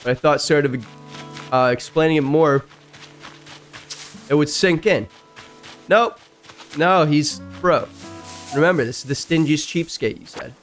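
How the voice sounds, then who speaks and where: A man streaming a game, reading stories aloud and breaking in with loud, jumpy reactions. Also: a little slow, pauses often, faint music behind. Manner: reacts loudly, jumps high in pitch. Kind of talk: casual reading and commentary while gaming.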